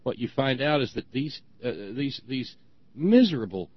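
A man's voice: medium pitch, no room sound. A man with a mid-range voice holds forth sarcastically in casual talk-show banter, stumbling and restarting as he rants. The recording is dry and close, with a dull, lo-fi tone. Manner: sarcastic, ranting, halting restarts. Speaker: podcast co-host.

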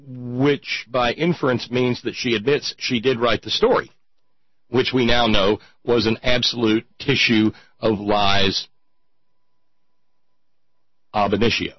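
A man's voice: on the low side, fairly even intonation, measured pace, long pauses, breathy edge, no echo. A man hosting a talk show, delivering sarcastic political commentary and reading quotes aloud in a mocking raised voice. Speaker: podcast host. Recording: dull lo-fi sound, dry.

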